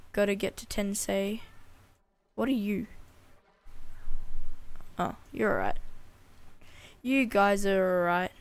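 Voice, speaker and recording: A woman casually commenting as she plays a video game, chatty and playfully talking to the animals on screen. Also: medium pitch. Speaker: gaming channel host. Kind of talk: casual let's-play commentary.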